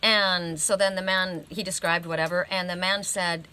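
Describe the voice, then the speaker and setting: A woman's voice: lowish voice, fairly even intonation, normal speed, hardly any pauses, sharp tone, clear, resonant tone. A woman reading oracle cards, telling a personal story in a chatty, emphatic way and often checking in with "right?". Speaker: oracle card reader.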